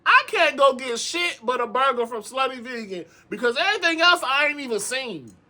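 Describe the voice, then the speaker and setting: A high-voiced man recaps reality TV in sassy, animated casual commentary at normal speed. He calls viewers "girl," swears frequently and repeats himself for emphasis, his tone bright and sharp.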